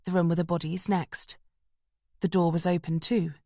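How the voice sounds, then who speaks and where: Low-voiced woman reading a thriller. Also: little pitch movement, normal speed, a little mellow, no room sound, clean studio sound. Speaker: audiobook narrator. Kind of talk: scripted narration.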